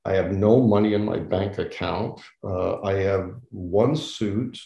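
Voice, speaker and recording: An older man, an interview guest, telling a long story in a casual, animated way and acting out what others said. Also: deep voice, takes it slowly, creaky, echoey room, highs cut off. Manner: animated storyteller acting out quoted voices, laughs often.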